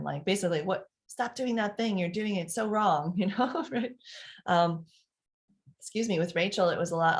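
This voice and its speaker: A middle-aged woman coaches parents in a casual live talk, her voice sitting a little low. She talks in an animated way with fillers and restarts. She acts out quoted moments as she goes. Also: gravelly.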